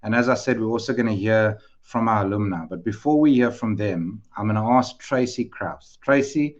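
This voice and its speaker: A man's voice: fairly low pitch, normal speed, highs cut off. A man hosting an online information session, welcoming viewers and introducing the panel in a chatty, upbeat way over a video call. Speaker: webinar host, head of school.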